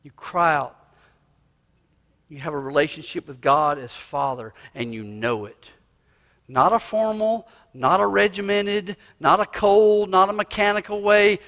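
A male pastor preaching a sermon in a church, swinging from loud cries to hushed asides. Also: high-pitched, unhurried. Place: church sanctuary. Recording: long reverb of a church hall.

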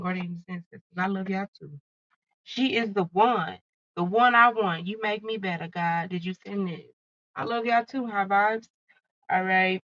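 Bright, profane tarot-reading woman. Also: mid-range voice, no room sound, dull audio. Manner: blunt, profane, fired-up channeling. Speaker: tarot card reader. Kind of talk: casual tarot reading to viewers.

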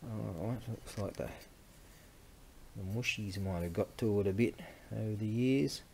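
Male antiques seller, unhurried, rough-edged voice, rambling and hesitant, noisy home recording. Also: lowish voice, mellow. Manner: rambling, hesitant, many fillers. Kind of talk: casual product inspection vlog.

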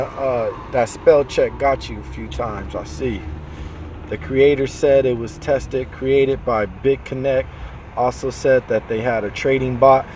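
A man hosting a casual live chat from a car in the city, talking in a loose, slangy, animated way. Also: medium pitch, a little hiss or hum. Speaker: host.

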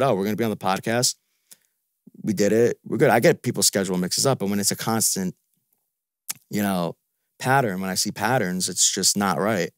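A man's voice: on the low side, dry recording, clean studio sound. A man venting in a frustrated, repetitive, profane way in a casual podcast chat. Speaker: podcast guest.

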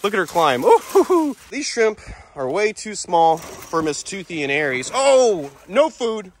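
A young man narrates a casual vlog outdoors while feeding animals, his voice sitting a little high and swinging wildly in pitch. He is excitable, laughs easily and bursts out loudly at the animals. A faint hiss of outdoor noise sits behind him. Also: unhurried. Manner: excitable, laughing, talking to animals with sudden loud outbursts. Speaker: wildlife park owner and vlogger.

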